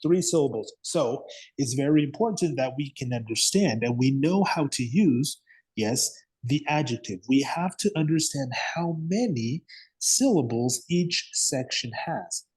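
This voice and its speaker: Male English teacher, slow and patient, slightly husky, checks in with students constantly. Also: medium pitch, lively intonation, darkish tone. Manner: patient, repeats words slowly, frequent "yes?" and "okay?" checks. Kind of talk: classroom grammar lesson.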